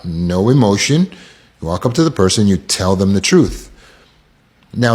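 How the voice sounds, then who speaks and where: A man's voice: mid-range voice, husky. A man with an American accent giving a casual self-help talk, acting out quoted lines in shifting voices.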